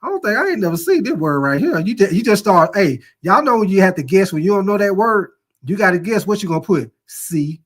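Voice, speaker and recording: A man's voice: high-pitched, very animated, brisk. A middle-aged man hosting a casual live-streamed sports talk show, reading viewer comments and telling profane, laughing stories. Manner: loose, joking, reads viewer comments aloud; profane storyteller who laughs at his own stories.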